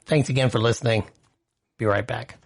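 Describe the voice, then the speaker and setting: A man's voice: medium pitch, steady tone, a little fast, slightly rough. A man hosting an entertainment news podcast, chatty and opinionated, reading out quotes and adding his own asides. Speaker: podcast host. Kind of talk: casual entertainment news commentary.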